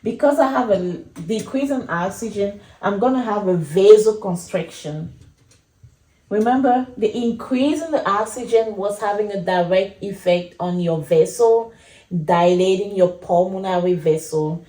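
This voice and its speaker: Slow, mellow-voiced woman teaching. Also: medium pitch, roomy sound, poor audio. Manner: slow, repetitive explaining, addresses viewers as guys. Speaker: anesthesia educator. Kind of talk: whiteboard lecture.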